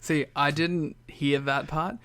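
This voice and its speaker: Playful young man with a higher voice. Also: fairly even intonation, slow, a bit bright, clean tone, dry recording. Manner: playful, jokey, laughs often. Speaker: podcast co-host. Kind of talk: casual chat recapping wrestling shows.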